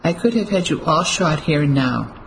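Reader plays sneering male officer, mid pitch, quiet threat, audiobook. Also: lively intonation, moderate pace, vocal fry, a little hiss or hum, rough recording. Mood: mocking. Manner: mocking, menacing. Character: smug cruel male German officer.

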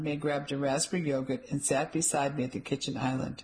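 Woman narrator, first-person audiobook, measured and even. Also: a bass voice, low-quality recording.

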